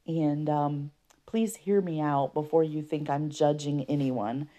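A woman hosting a podcast, telling her own story unscripted and earnestly, with a rough voice from allergies and frequent throat clearing. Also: sits low, slow, mellow. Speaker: podcast host. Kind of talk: personal testimony podcast.

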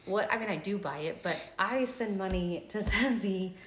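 A woman's voice: mid-range voice, normal speed, a little hiss or hum. A woman hosting a podcast, telling stories in casual chat and filling her speech with "like". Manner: chatty storyteller, fills speech with "like". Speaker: podcast host. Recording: echoey room.

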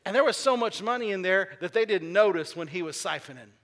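A man preaches to his congregation in a high, bright voice, often asking questions and waiting for answers. He drives points home by repeating short phrases several times. His voice rings with the long reverb of a large church hall. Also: lively intonation, a little fast. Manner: repeats key phrases for emphasis. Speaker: pastor. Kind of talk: sermon. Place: church sanctuary.

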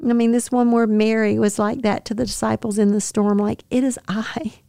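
Earnest woman with a gravelly voice. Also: fairly high pitch, little pitch movement, a little fast, no echo, studio quality. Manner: earnest, tender, with soft laughs. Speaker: podcast host. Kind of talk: devotional podcast reflection.

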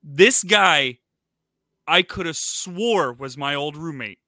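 A man co-hosting a relaxed chat show, sharing stories in an animated way and laughing often. His voice sits a little high and has a bright, forceful edge. The sound is dry and close. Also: slow pace, no echo. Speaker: podcast co-host. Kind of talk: casual chat.

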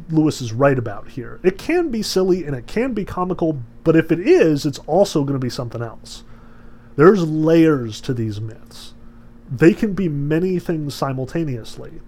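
A man's voice: medium pitch, a little mellow. A man giving a casual lecture to a class, rambling with many fillers.

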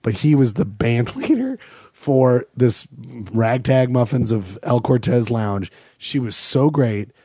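A man's voice: mid-range voice, slow pace, slightly rough, no echo, clean studio sound. A young man from Salt Lake City, telling stories in a casual podcast chat and acting out quotes. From Salt Lake City, Utah. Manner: animated, acts out quotes in put-on voices, laughs often. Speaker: podcast co-host.

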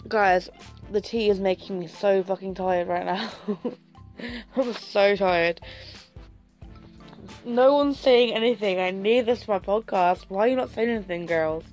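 A woman's voice: medium pitch, slow pace, pauses often, darkish tone. A young woman hosting a casual podcast chat, sassy and theatrical, swearing a lot as she talks to her viewers. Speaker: podcast host. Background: faint music.

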